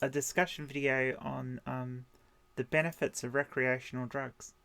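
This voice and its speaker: A woman's voice: a bass voice, steady tone, normal speed, gravelly, a bit bright, dry recording. A woman talking as a guest in a casual online chat, playful and teasing.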